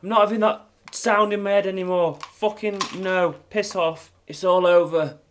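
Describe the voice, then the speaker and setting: A man with a British accent playing a horror game, jumpy and swearing, often shouting at what he sees. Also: sits high, fairly even intonation, normal speed, slight background noise. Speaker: gamer.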